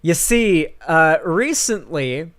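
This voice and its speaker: A man's voice: on the high side, lively intonation, slow, fairly bright tone. A man hosting a casual commentary stream, talking in a rambling, sarcastic way with many fillers.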